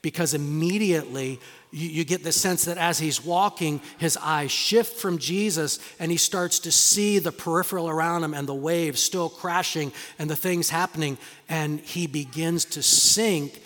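A male pastor preaching a sermon in a dramatic, storytelling way, acting out voices and dropping to hushed tones. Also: a little high, moderate pace, few pauses, in a large hall.

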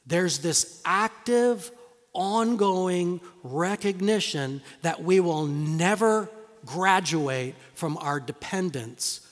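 A male pastor preaching a sermon in a dramatic, storytelling way, acting out voices and dropping to hushed tones. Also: sits high, takes it slowly, in a large hall.

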